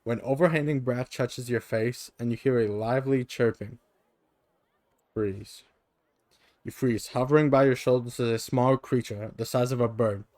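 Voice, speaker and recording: A man's voice: medium pitch, steady tone, moderate pace, a little mellow, no room sound. A male streamer reading an interactive gamebook aloud, plain narration with offhand asides into a streaming mic. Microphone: streaming microphone.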